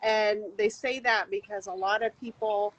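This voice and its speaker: A woman from Florida chatting as a guest over a phone video call from her garden, friendly and quick to laugh. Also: mid-range voice, steady tone, muffled recording. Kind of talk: casual chat. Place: outdoors in a garden.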